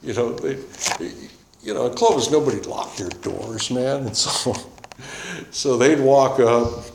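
A man's voice: medium pitch, expressive, measured pace, creaky, darkish tone. Rambling man sharing a personal testimony. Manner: rambling and conversational, full of "you know" and "man". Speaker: speaker sharing his recovery story. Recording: roomy echo with faint noise.

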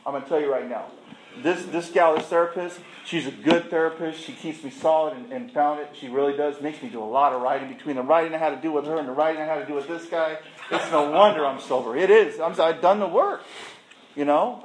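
A man's voice: a little high, a little hiss or hum. A middle-aged man sharing his recovery story in an emphatic storytelling way, asking the audience rhetorical questions. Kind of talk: personal recovery testimony. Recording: echoey room.

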